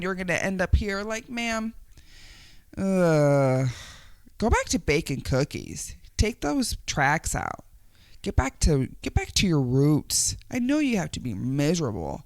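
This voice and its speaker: Lively, exasperated news-reaction vlogger. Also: medium pitch, no echo. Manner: exasperated, sighing and laughing, trips over hard words. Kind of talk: casual reaction commentary.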